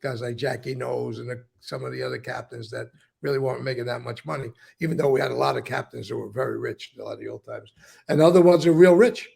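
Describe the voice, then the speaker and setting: A man's voice: mid-range voice, steady tone, quick pace, a little mellow. An older man, a former mob member telling stories in an interview and acting out what others said. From New York. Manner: gravelly, profane, tells stories acting out quotes. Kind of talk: conversational interview.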